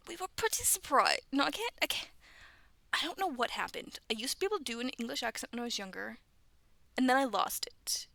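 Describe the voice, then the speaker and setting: Young woman, casual storyteller, highish voice, dry close sound, chatty and self-interrupting. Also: bright, forceful tone, no room sound. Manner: chatty, stumbles over text and laughs at herself. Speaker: video creator reading stories. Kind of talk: casual read-aloud with asides.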